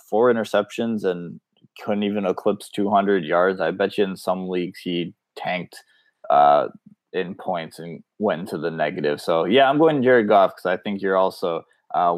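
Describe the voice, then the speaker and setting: A man's voice: deep voice, moderate pace, no echo. A man co-hosting a sports podcast, talking in a laid-back way with fillers. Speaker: podcast co-host. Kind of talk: casual sports chat.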